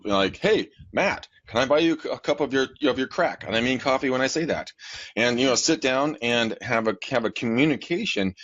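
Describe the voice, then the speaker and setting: Male podcast host, lower voice, blunt and jokey, dry dull recording. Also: fairly bright tone, no room sound. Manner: blunt, jokey, swears casually. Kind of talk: casual podcast conversation. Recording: dry, muffled lo-fi audio.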